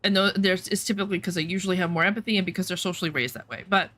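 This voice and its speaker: A woman's voice: fairly low pitch, rapid-fire. A woman streamer chatting casually while playing, telling a story bluntly and swearing freely, acting out what people said. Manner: animated storytelling, acts out quotes.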